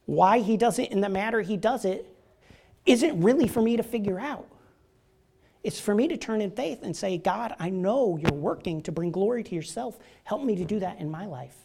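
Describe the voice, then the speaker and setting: A man's voice: high-pitched, lively intonation, normal speed, vocal fry, a little mellow, slightly rough. A man preaching a sermon in a church, chatty and joking, often asking the congregation "right?". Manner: joking, conversational, asks the crowd "right?". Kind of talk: casual sermon.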